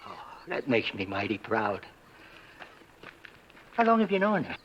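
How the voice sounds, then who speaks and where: A man's voice: on the low side, big pitch swings, a little slow, a bit bright, slight background noise. An actor playing a chatty, giggly backwoods man with rustic grammar, in a 1960s TV western. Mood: folksy. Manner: rustic grammar, chuckles, stammers. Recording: muffled old TV soundtrack.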